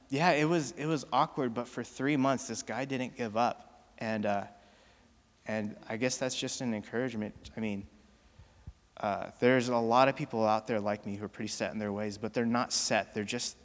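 A man telling his personal testimony to a church congregation. He speaks earnestly, often pausing and restarting with casual fillers. His voice carries a long reverb from the large church hall. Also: medium pitch, fairly bright tone. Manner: earnest, halting, many fillers. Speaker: church member giving testimony. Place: church auditorium.

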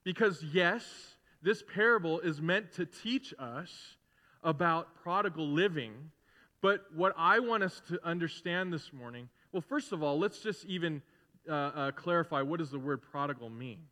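A middle-aged man preaching a sermon as pastor in a conversational way, building to loud, emphatic repetition. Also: fairly high pitch, lively intonation, moderate pace. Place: church sanctuary. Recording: long hall reverb in a church.

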